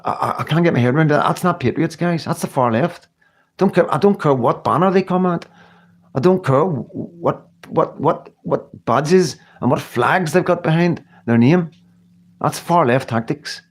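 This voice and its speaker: A man's voice: on the high side, moderate pace. A middle-aged man from the United Kingdom talking earnestly and emotionally to viewers on a live stream, rambling and often restarting his sentences. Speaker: livestream host.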